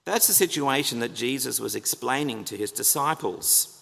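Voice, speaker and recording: Gravelly preacher in a reverberant church. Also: male voice, mid-range voice, a little slow, hardly any pauses, a bit bright. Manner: earnest, emphatic preaching with rhetorical questions. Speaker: pastor. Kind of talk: sermon. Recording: long reverb of a church hall.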